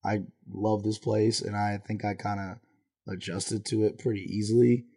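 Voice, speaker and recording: A man's voice: on the low side, little pitch movement, normal speed, warm tone. A young man from the Bay Area talking in a loose, laid-back, slangy way in a casual podcast chat. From Bay Area, California.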